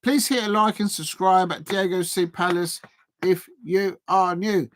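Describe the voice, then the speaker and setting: A man hosting a live football watch-along, chatting with viewers and getting excitable, even shouting, at big moments in the match. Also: sits high, measured pace, background noise. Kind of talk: live match reaction and chat.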